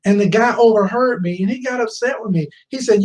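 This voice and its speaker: Mellow-voiced man telling a story onstage. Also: sits high, brisk, rough recording. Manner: tells a personal story, addressing the audience with questions; repeats key phrases for emphasis. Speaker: conference speaker. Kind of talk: motivational storytelling speech.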